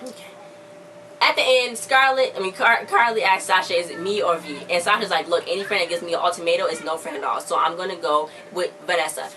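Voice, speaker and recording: A young woman recapping a TV episode in a casual, excitable, slangy way, often acting out the characters' lines. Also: on the low side, quick pace. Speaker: vlogger reviewing a TV episode. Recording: a bit distant from the mic, faint background noise.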